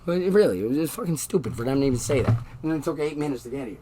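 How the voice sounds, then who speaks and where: A man's voice: mid-range voice, animated, very fast, recorded from a distance, background noise. A man in a heated, swearing rant about his landlord, recorded in his bedroom. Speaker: tenant in a dispute. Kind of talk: angry rant to camera. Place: bedroom at home.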